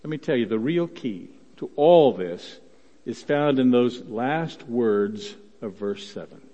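A man preaching a sermon as pastor, telling a Bible story and voicing its quotes with rising force, often repeating words and clearing his throat. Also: mid-range voice, animated, takes it slowly, dark tone. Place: church sanctuary. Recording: dull sound, long church reverb.

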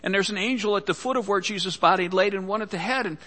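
A man's voice: high voice, fast talker, pushed and bright, in a large hall. A man preaching a sermon, telling a scripture story earnestly and often repeating words as he goes. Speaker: pastor.

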